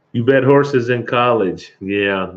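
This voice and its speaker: A middle-aged man, hosting a casual livestream chat, chuckling and greeting viewers by name, with an occasional cough. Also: mid-range voice. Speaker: livestream host. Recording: dull lo-fi stream audio.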